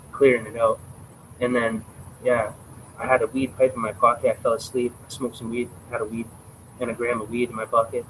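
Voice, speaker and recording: A man in his twenties talks straight to his livestream, rambling and emphatic and swearing freely. His voice sits at an ordinary middle pitch. A faint hiss of noise runs underneath. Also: a bit bright, rough recording. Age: 20s. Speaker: livestream host. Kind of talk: casual livestream storytelling.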